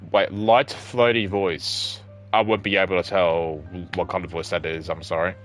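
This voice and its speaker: A young man streaming a game, reading the narration aloud and commenting offhand in a relaxed way. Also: low-pitched, normal speed, few pauses, soft background music.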